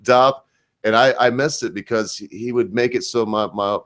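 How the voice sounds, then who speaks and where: A man's voice: medium pitch, moderate pace, fairly bright tone. A man hosting a casual voice-call chat from home, rambling and swearing freely in laid-back banter. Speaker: host.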